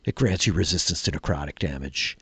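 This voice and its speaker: A man narrating a tabletop game as dungeon master, relaxed and rambling with many fillers. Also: deep voice, a little fast, breathy edge, dry recording.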